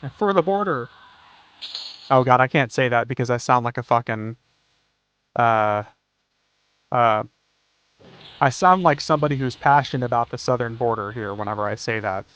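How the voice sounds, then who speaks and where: A man's voice: mid-range voice, moderate pace, long pauses, a bit bright, clean tone, lo-fi sound. A man streaming a game live, chatting casually, joking and swearing freely, often saying "dude". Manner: laid-back, joking, swears freely, says "dude" a lot. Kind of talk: casual livestream chat while playing.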